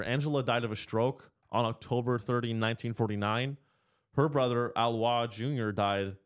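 A young man hosting a casual podcast chat, joking around, laughing often and jumping up into a squeaky voice for emphasis. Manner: jokey, animated, laughs often, high squeaky bits for emphasis. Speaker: podcast host.

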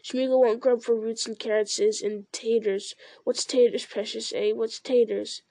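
A sly, starving male creature hisses and squeals, pleading over and over in a high, whining voice, put on by a woman reading a storybook aloud. The sound is dry and close. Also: little pitch movement, measured pace, dark tone, dry recording. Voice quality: hissing, squealing. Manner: pleading, repetitive.

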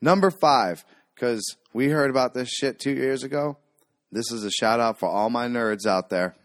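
A man's voice: mid-range voice, moderate pace, no room sound, studio quality. Profane, rambling male podcast host. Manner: rambling, stumbling over words, profane joking. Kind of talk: casual chat.

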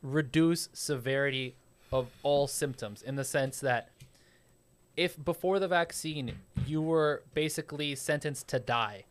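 A man's voice: on the high side, measured pace, smooth. A man hosting a casual podcast, explaining with frequent profanity and stammered restarts.

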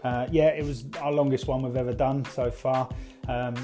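A man hosting a podcast, wrapping up the episode in an earnest, relaxed way with fillers. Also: mid-range voice, moderate pace. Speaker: podcast host. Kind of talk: podcast outro. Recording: music playing under the voice.

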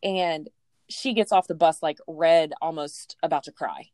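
A woman in her thirties telling a personal story in a casual, animated way, laughing often and acting out what people said. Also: low voice, a little slow, dry recording, studio quality. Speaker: storyteller guest.

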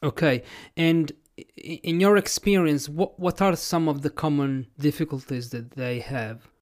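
Curious male podcast host, slightly high voice. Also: steady tone, a little slow, darkish tone. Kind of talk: interview questions.

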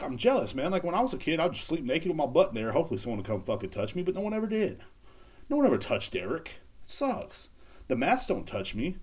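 A man with a drawl rambles through a casual solo podcast, joking crudely as he talks. His voice swings up and down in lively, animated pitch. He speaks into a handheld recorder. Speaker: podcast host.

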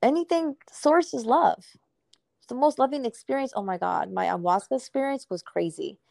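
Woman, life coach, gravelly low voice, dry close sound, emphatic casual talk. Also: moderate pace, darkish tone, no room sound. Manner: effusive, emphatic, swears casually. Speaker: purpose coach. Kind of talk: casual podcast conversation.

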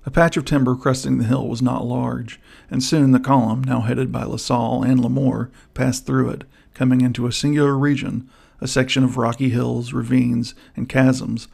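A man narrating an adventure audiobook in a steady, even reading. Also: mid-range voice, normal speed, vocal fry, breathy edge. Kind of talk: scripted narration.

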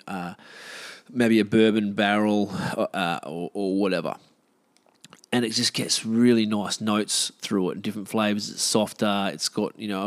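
A man's voice: fairly low pitch, vocal fry. A man with an Australian accent, talking casually in a rambling, self-deprecating way with many fillers and restarts. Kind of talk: casual monologue.

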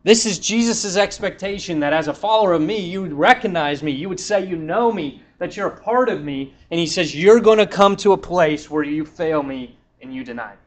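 A man's voice: high-pitched, expressive, brisk, hardly any pauses. A young man preaching a sermon, retelling a scripture story in a casual, conversational way and acting out the quotes.

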